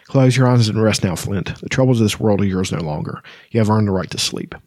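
A kindly old wizard speaking in a soft, gentle way, as a man reads him from a novel. The voice is low and husky, close and dry. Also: fairly quick, no echo.

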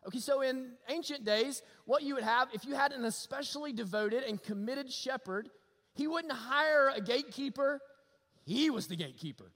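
High-voiced preacher in a reverberant hall. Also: male voice. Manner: storytelling, swings between loud emphasis and low hushed lines. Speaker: pastor. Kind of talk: sermon.

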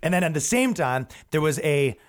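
With a very animated, fairly high voice at normal speed, a young podcast host rambles through funny stories in a comedic monologue. He keeps laughing, often restarts his sentences and performs acted quotes.

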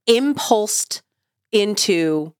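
A woman's voice: medium pitch, lively intonation, extremely slow, dry recording. Middle-aged woman, parenting podcast co-host, candid and thoughtful, mid-range voice, dry recording. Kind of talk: casual chat.

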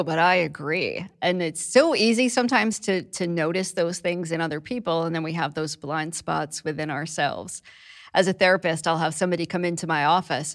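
A woman with a fairly low voice hosts a podcast. She talks in a reflective, conversational way, as a therapist drawing on her own practice. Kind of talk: conversational interview.

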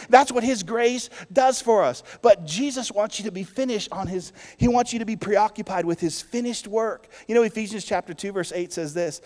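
A male pastor delivering a sermon in a lifted, fairly high voice, rising to loud declarations and then dropping to quiet, intimate lines. His voice carries a long reverb from a large church hall. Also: expressive, normal speed. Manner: preaching with strong swings between loud and soft.

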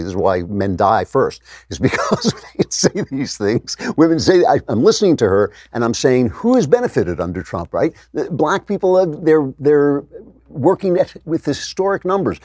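A man's voice: on the low side, darkish tone, no room sound. Dry-sounding sarcastic male commentator. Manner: sarcastic, mocking quotes in raised voice. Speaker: political commentary host. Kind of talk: opinionated political monologue.

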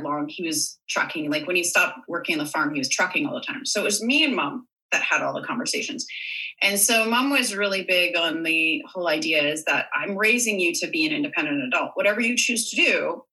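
A woman's voice: fairly low pitch, a little fast, bright, forceful tone, poor audio. A woman from Canada, a guest in a casual chat, talking freely with fillers and easy laughs. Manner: chatty, laughs easily, lots of fillers.

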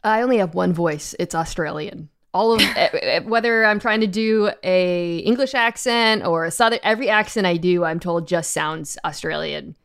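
A woman guest in casual podcast chat, talking in a flat, dry way. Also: lowish voice, moderate pace, creaky, few pauses, smooth. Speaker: football analyst guest.

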